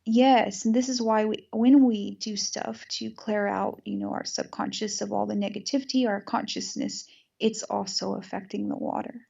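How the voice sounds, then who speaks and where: Woman host, low-key gravelly voice, even delivery, earnest chat on dull lo-fi audio. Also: moderate pace, hardly any pauses. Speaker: podcast host. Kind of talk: casual spiritual conversation.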